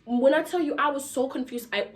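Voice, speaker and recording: A woman's voice: high voice, brisk, a little hiss or hum. A young woman, telling a candid story time to her viewers with lots of laughter. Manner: laughing often, animated and candid, slangy. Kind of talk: casual storytime chat to viewers.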